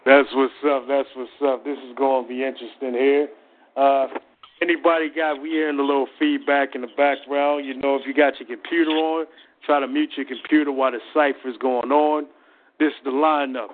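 A man's voice: mid-range voice, fairly even intonation, a little fast, slight background noise. Man hosting an online radio cypher. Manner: upbeat, announcing. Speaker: host. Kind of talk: radio host introducing artists. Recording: tinny phone-line audio.

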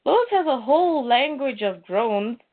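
A woman's voice: high voice, animated, unhurried, voice pushed up. A woman voicing a laid-back young male friend as she reads text messages from a comic aloud. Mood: joking. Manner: read aloud casually from a comic. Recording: tinny phone-like sound.

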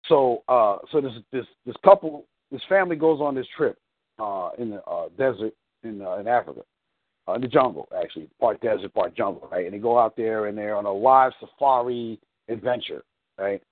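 A man's voice: on the low side, brisk, no room sound. Man on a tinny phone line. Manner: rambling storyteller, many fillers. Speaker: life coach. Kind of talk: coaching call. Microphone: phone call.

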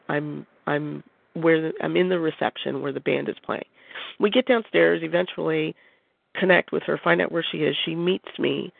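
A man's voice: fairly high pitch, vocal fry. A man on a call, telling a personal story in a reflective, hesitant way with many restarts. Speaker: caller. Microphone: phone line. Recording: phone-line audio.

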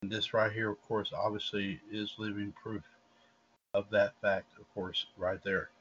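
Low-voiced man, formal announcer manner. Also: little pitch movement, moderate pace, fairly bright tone. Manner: announcer-like, repeats "of course" often. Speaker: podcast co-host. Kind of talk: formal on-air commentary. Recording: dull lo-fi sound with faint background noise.

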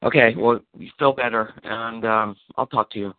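A man on a call, telling a story in casual chat, animated and swearing, acting out the lines he quotes. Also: mid-range voice, moderate pace, no room sound. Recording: tinny phone line.

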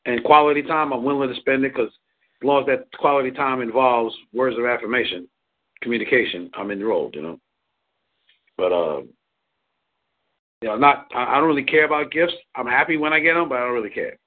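A man's voice: mid-range voice, a little fast. A man giving casual relationship advice, rambling, repeating words and laughing often. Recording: tinny phone line.

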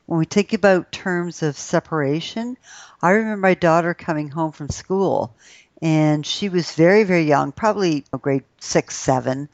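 A woman's voice: fairly low pitch, no room sound. A middle-aged woman in casual discussion, telling a family story and acting out the people in it. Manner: storytelling, animated quoting of her daughter. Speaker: co-host. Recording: slightly dull dry audio.

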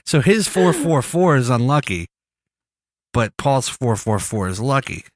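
With a cold-clogged nose, a man hosts a laid-back podcast chat in a mid-range, sing-song voice at a measured pace. Rambling and joking, he steers the talk and is bossy with his co-host. The recording is clean studio sound without echo.

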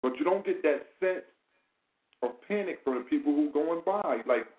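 A man talks. His voice sits a bit high for a man and comes through a tinny, phone-like line. He sounds like he is in an echoey room, and he talks animated and profane, firing off rhetorical questions. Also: moderate pace. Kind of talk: casual commentary chat.

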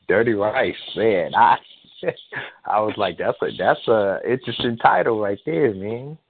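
A slightly hoarse man performing spoken-word poetry in a rhythmic delivery that keeps rising into high bursts. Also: expressive, unhurried, a little hiss or hum. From US West Coast. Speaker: poet. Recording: tinny phone-like line, dry.

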